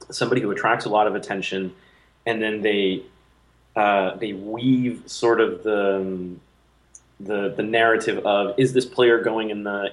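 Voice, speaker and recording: Low-voiced man musing with many ums. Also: low-quality recording. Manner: thoughtful, hesitant with many fillers. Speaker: podcast co-host. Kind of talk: casual chat.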